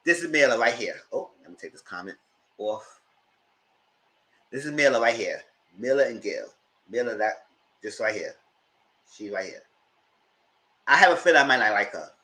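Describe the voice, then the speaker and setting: A man's voice: mid-range voice, big pitch swings, moderate pace, long pauses, pushed and bright, low-quality recording. A man hosting a casual live review of a reality TV show, chatty and emphatic as he talks straight to his viewers.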